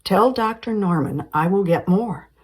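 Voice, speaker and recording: A woman's voice: mid-range voice, animated, a little slow, breathy edge, poor audio. A woman reading a polite, fatherly older male doctor. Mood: cordial.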